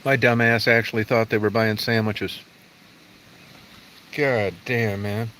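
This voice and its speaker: A middle-aged man hosts a casual livestream, talking straight to his viewers in a rather low voice. He is blunt and profane and wanders from one thought to the next. A faint hum of noise sits behind him. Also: fairly even intonation, slow pace, fairly bright tone, rough recording. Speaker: livestream host.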